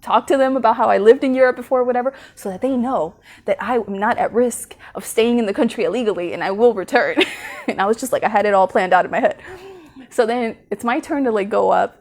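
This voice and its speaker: Brief: woman vlogger, pitch a touch high, animated storyteller, frequent laughs and "like" fillers. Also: a little fast. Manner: chatty, animated, laughs often mid-sentence; heavy use of "like" and "you know" as fillers. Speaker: vlogger on manifesting. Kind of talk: casual storytelling to camera.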